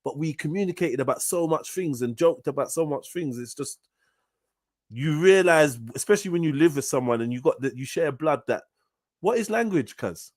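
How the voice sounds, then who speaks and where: Animated man, dry close sound. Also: normal speed, dry recording. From United Kingdom. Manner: animated, slang-heavy, swings from low and soft to loud and high. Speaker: livestream host. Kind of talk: casual chat.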